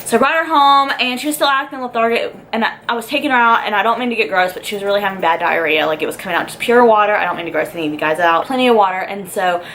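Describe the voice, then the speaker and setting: A woman's voice: medium pitch, very fast, few pauses, a bit bright, slight background noise, rough recording. A young woman tells a personal story in a vlog. She rambles and fills her talk with "like" and "um". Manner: chatty and rambling, lots of "like" and "um". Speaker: vlogger.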